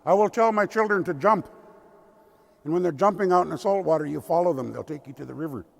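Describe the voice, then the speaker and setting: Salmon woman spirit, calm and instructing, old man doing her, gravelly, a bit high. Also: fast. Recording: long cathedral reverb.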